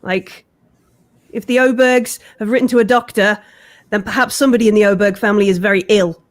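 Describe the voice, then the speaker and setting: A woman playing a tabletop role-playing game, chatting casually and enthusiastically, with playful, halting restarts. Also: medium pitch, fairly even intonation. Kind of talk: casual in-character chat.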